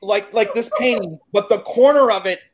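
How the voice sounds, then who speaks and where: A man in his forties from Chicago, a guest telling a story in casual, animated chat, cursing freely and acting out what people said. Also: high voice, moderate pace. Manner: animated, profane, acts out quoted dialogue.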